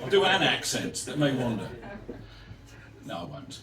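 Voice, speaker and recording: A man's voice: mid-range voice, very animated, moderate pace, reverberant, far from the mic, over a noisy crowd. A man performing his own poems at a live reading, with playful, self-mocking humour and chat with the audience between pieces. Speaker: performance poet. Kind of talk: live poetry reading with banter.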